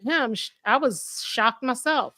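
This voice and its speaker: A woman in her forties co-hosting a podcast, telling stories in a sassy, animated casual chat. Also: a little high, measured pace, no room sound. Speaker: podcast co-host.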